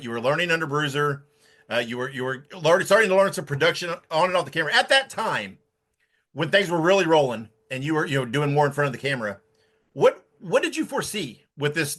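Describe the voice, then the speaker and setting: A male podcast host who talks quickly with a bright, forceful edge. He asks long, eager questions and restarts them as he goes. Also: fairly high pitch. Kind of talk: interview questions.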